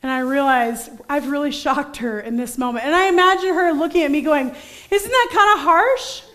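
High-voiced woman preaching a story-driven sermon. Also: fairly quick. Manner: storytelling, animated, acts out voices in quotes. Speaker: pastor.

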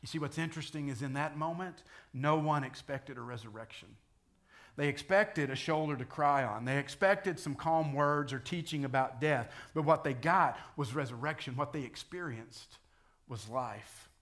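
Speaking at a normal speed in a slightly high voice, this man is a pastor giving a conversational sermon. He puts questions to the congregation and acts out the scripture he cites, climbing to loud, dramatic quotations.

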